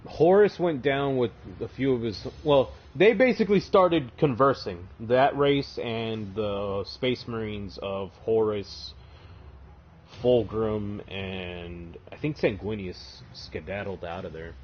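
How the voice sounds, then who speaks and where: A man's voice: fairly low pitch, slow pace, husky, lo-fi sound. A man streaming a game, casually retelling a story in a rambling way with lots of swearing. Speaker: gaming streamer. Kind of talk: casual lore retelling while playing.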